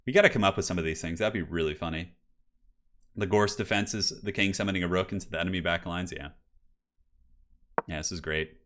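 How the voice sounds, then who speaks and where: The commentator's voice sits low and bright-ish, moving fairly quickly but broken by long pauses. Casually covering a chess match on stream, he jokes, answers chat, rambles with fillers and swears now and then.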